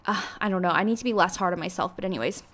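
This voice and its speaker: A woman's voice: lowish voice, racing, a bit bright. A young woman hosting her own podcast, talking in a rambling, emotional way with many filler words. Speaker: podcast host. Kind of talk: casual solo podcast monologue.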